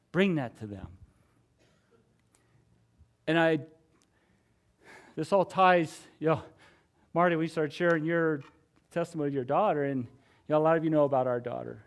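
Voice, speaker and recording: A middle-aged man preaching in a church, speaking with a somewhat high voice. His sermon is conversational and earnest, scattered with fillers and soft laughs. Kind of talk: conversational sermon with personal testimony.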